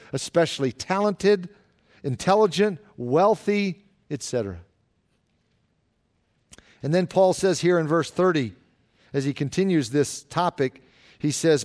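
A man preaching a sermon in an earnest way, slowing down to stress the scripture he quotes. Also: sits high. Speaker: pastor.

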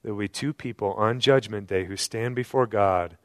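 Pastor with dry, close sound. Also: male voice, normal speed, no room sound. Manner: rhetorical questions, swings from loud emphasis to hushed low tones. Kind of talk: sermon. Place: church service at night.

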